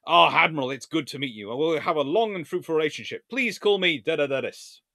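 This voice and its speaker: A man's voice: fairly high pitch, animated, brisk, gravelly, sharp tone, dry recording, clean studio sound, heavily acted. A man voicing a courteous male French ministry secretary who greets an admiral in a formal, formulaic way. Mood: politely formal.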